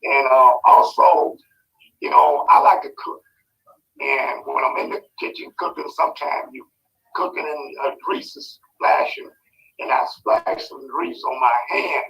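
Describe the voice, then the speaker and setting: A man giving a short product testimonial in a halting, casual way with fillers. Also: mid-range voice, fairly even intonation, gravelly, fairly bright tone. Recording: distant, muffled call audio.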